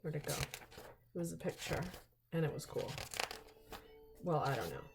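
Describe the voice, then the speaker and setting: An older woman hosting a casual unboxing vlog, chatty and excitable, rambling into asides. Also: low voice, moderate pace, creaky, music in the background. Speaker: vlog host.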